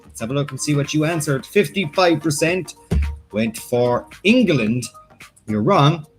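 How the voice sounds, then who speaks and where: A man's voice: on the high side, lively intonation, unhurried, soft background music. A man with an Irish accent hosting a casual live-stream quiz, reading out questions and joking with his co-host. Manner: joking, reads questions aloud, banters.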